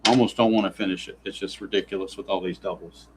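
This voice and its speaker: A man's voice: deep voice, steady tone, fast talker, background noise. A man narrating a tabletop baseball simulation in play-by-play style, grumbling with sarcastic exasperation at the dice.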